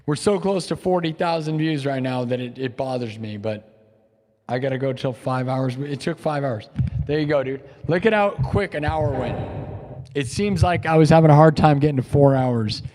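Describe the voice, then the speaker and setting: A male live streamer giving a boastful, repetitive pep talk to his chat. He swings between loud declarations and quiet musing. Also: mid-range voice, animated, normal speed. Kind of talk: livestream sign-off pep talk.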